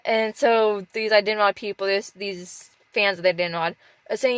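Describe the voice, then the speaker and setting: A woman talking candidly and emotionally in a personal vlog from inside her parked car, halting and rambling as she speaks. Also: mid-range voice, fairly even intonation, clear, resonant tone, no room sound, low-quality recording. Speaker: off-grid dog musher vlogger.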